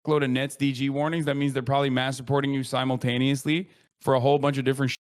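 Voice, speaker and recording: A man on a stream call, calmly explaining at length with plenty of fillers in casual chat. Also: medium pitch, rapid-fire.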